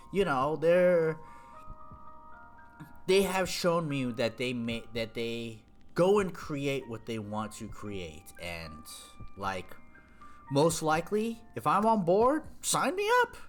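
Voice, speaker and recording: Unhurried streamer rambling about a game, voice jumps up and down a lot, faint music behind. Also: medium pitch. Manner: rambling, many fillers and restarts. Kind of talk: casual chat about a video game.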